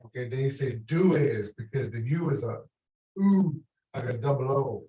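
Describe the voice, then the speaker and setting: Man, class student, hesitant, thinks aloud, mellow dark voice, far from mic. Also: medium pitch, expressive. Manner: hesitant, thinks out loud with many pauses. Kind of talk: casual questions in class. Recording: echoey room, voice far from the mic.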